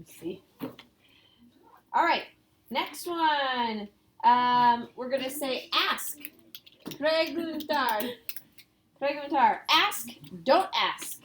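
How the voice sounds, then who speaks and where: A woman's voice: high-pitched, animated, drawn-out words, long pauses, fairly bright tone, a little hiss or hum. A woman teaching a casual review lesson, explaining step by step and quizzing her students. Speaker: Spanish teacher.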